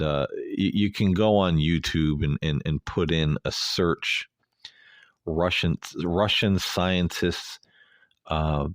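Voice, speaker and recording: A man's voice: extremely low pitch, no echo, studio quality. A male host giving a rambling, hesitant, earnest solo commentary.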